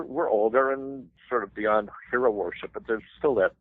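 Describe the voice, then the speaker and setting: A man in his sixties from the United States, a banjo player telling lively anecdotes as an interview guest. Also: lowish voice, normal speed, slight background noise. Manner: animated anecdotes with laughs and sung quotes. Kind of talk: casual interview storytelling. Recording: thin phone-like radio line.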